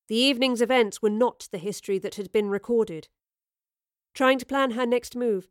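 A woman reading a scripted story aloud in a measured, expressive storytelling manner. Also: a little high, dry recording, studio quality. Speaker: narrator. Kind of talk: scripted narration.

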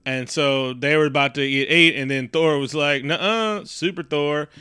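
A man's voice: medium pitch, fairly even intonation, normal speed, bright, forceful tone, clean tone, no echo, studio quality. A man in casual, crude banter, recapping a movie and acting out the characters' lines.

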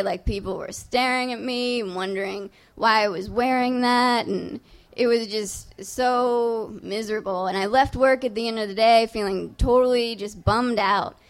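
A young adult woman telling a personal story live on stage, in a casual, profane, self-mocking way. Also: a little high. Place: on stage before a live audience.

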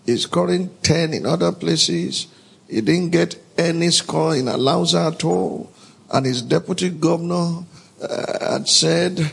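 A man's voice: a little high, unhurried, vocal fry, breathy edge. A man preaching a sermon, emphatic and calling out to the congregation for responses. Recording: long hall reverb.

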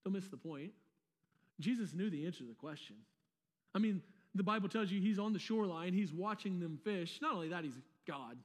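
High-voiced man preaching in a reverberant hall. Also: animated, brisk. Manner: casual, conversational preaching with slangy asides and repeated words. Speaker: pastor. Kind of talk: sermon. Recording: long reverb of a large hall.

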